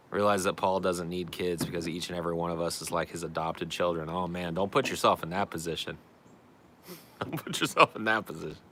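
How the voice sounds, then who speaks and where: This man hosts a casual show, reading viewer questions aloud and answering them bluntly, profanely and with self-deprecation. His voice sits low, and there is background noise.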